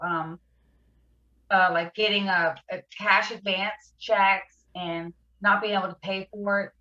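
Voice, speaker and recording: Woman guest, emotional recovery story, bright tense voice, lo-fi sound. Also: mid-range voice, echoey room. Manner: halting, emotional, fighting back tears. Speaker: podcast guest. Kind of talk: personal recovery story in an interview.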